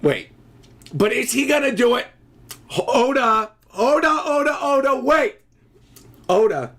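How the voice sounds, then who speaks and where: A man hosting a live manga reaction stream, excitable and often shouting and exclaiming as he reads along. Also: very high voice.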